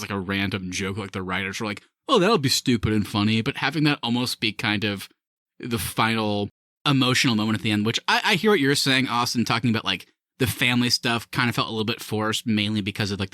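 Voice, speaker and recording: A man hosting a casual movie review podcast, animated and quick to laugh as he steers the talk. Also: fairly low pitch, no room sound. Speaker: podcast host.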